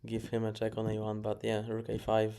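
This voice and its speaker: Gravelly flat-voiced man muttering chess analysis. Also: lowish voice, a little fast. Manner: mutters chess moves, self-correcting, chuckles. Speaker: chess streamer reviewing his games. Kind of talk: casual game review commentary. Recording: clear background noise.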